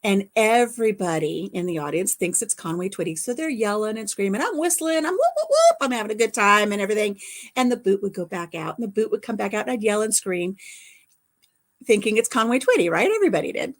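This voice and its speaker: An older woman hosting a casual livestream chat, telling stories warmly and laughing often. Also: mid-range voice, animated, a little fast. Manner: chatty storyteller, laughs often. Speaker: livestream host.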